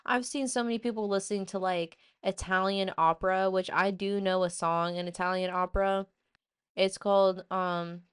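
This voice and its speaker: A woman hosting a casual opinion show, ranting in an animated, blunt way with plenty of swearing. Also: medium pitch, normal speed, clean tone. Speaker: host.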